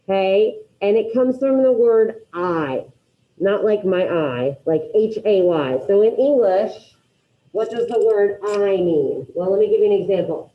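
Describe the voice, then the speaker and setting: A woman teacher runs a class with upbeat energy, drilling repetition and firing questions at her students. Her voice sits in a middle register. The recording is dull and lo-fi, like a classroom capture. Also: mid-range voice. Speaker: Spanish teacher. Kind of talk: classroom grammar lesson.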